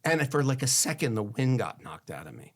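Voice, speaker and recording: A man, a divorce attorney, giving candid marriage advice in a conversational way. He acts out both spouses' lines, and he goes soft and hushed when he shares a personal story. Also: medium pitch, very animated, a little fast.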